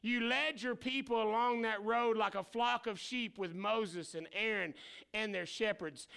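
A man's voice: high-pitched, a little slow, creaky, pushed and bright, clear, resonant tone. A man preaching a sermon as pastor, talking casually with slang and acting out the voices of people in the stories.

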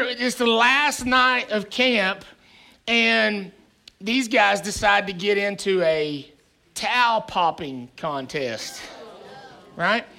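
A man preaching in a high, bright voice, a pastor spinning a funny tale for his congregation. He tells it with animated, self-mocking energy and keeps breaking into little chuckles, with a crisp, forward tone. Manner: animated, self-deprecating storyteller who chuckles often. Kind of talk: sermon with humorous storytelling. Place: church sanctuary before a live congregation.

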